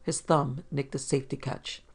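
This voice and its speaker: A man narrating a hard-boiled detective story in a steady, measured reading. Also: mid-range voice, husky.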